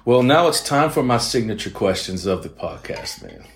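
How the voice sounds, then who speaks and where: A man's voice: medium pitch, very animated, moderate pace, creaky, echoey room, a little hiss or hum. Man hosting a casual podcast. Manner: short prompts and questions. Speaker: podcast host. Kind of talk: casual interview.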